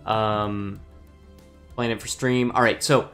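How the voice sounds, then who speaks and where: A man's voice: lowish voice, fairly even intonation, takes it slowly, pauses often, fairly bright tone. A man streaming a strategy game, chatting casually, laughing often and reading chat aloud. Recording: faint background music.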